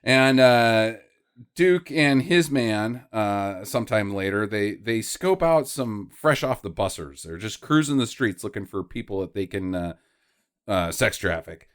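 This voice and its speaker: A man's voice: fairly low pitch, expressive, measured pace, smooth. A man hosting a casual movie-mocking podcast, laughing often and acting out characters in mocking voices. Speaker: podcast host. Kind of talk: casual movie-riffing chat.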